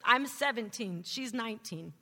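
Woman, church testimony speaker, bright higher voice, animated storyteller, long reverb of a hall. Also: normal speed. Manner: animated storytelling, acting out her teenage self. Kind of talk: testimony sermon.

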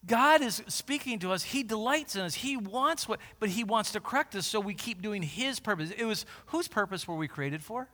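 A high, bright-voiced man in his forties delivers a lively sermon, dropping to near-conversational asides and then surging into loud, emphatic repetitions. His voice rings out with a long reverb, as in a large church hall. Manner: animated, swings from quiet asides to loud emphatic bursts. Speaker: pastor.

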